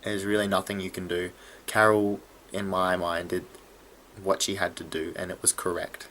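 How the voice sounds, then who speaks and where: A man giving a casual video review of a TV episode, excitable and often stumbling over his words. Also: low-pitched, normal speed, slight background noise. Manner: excitable, stumbling and restarting mid-sentence.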